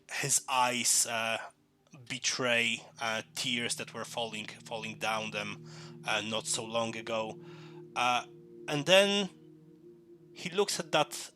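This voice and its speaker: Slow, halting man narrating a game. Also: mid-range voice, pushed and bright. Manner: halting, many fillers and restarts. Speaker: game master. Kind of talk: narrating a tabletop game over voice chat.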